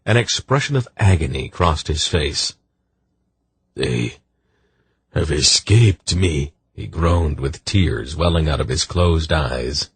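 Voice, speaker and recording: A man reading a fantasy novel aloud as an audiobook narrator, measured and gentle. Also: extremely low pitch, animated, husky, no echo. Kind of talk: scripted narration.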